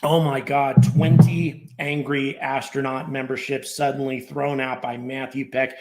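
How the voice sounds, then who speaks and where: A man's voice: mid-range voice, little pitch movement, measured pace, hardly any pauses, a little hiss or hum. A middle-aged man hosting a live stream, thanking viewers and reading out where they are checking in from, in a rambling, grateful way with many fillers. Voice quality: gravelly. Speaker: livestream host.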